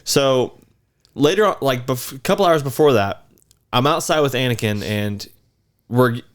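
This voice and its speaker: A man's voice: medium pitch, normal speed. A man in his thirties casually telling a long, rambling story on a podcast. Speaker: podcast co-host.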